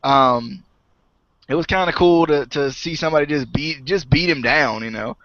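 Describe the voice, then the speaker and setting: Young male co-host, chatty and laughing, higher voice, dry muffled call sound. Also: moderate pace, a bit bright, no echo. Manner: chatty, laughs often, trails off. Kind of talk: casual review chat. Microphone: online call mic.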